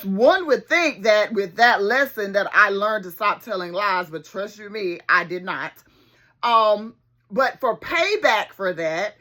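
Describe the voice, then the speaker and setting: A middle-aged woman, telling a childhood story to her viewers in an animated, folksy way. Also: mid-range voice. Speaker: therapist and video host.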